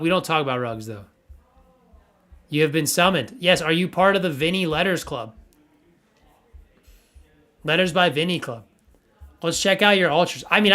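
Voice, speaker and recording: Young male streamer, slightly high voice, rambling and playful, stammers a lot. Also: sharp tone. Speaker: livestream host reviewing NFT art. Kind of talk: casual livestream chat.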